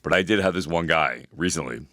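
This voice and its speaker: A man's voice: extremely low pitch, a little fast, sharp tone, dry recording, clean studio sound. A man in his forties, a personal trainer co-hosting an advice podcast, talking bluntly and profanely with lots of fillers. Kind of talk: casual advice podcast chat.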